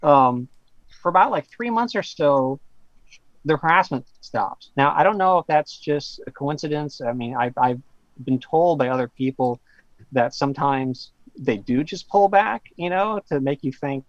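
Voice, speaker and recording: A man's voice: fairly high pitch, lively intonation, no echo, highs cut off. A male author in casual conversation, telling a long story in a rambling way with many asides. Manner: rambling, with fillers and quick asides. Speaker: author guest.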